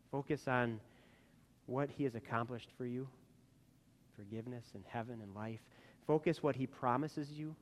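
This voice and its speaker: A man preaching a sermon as a pastor, earnest, climbing to emphatic peaks and then dropping soft. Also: medium pitch.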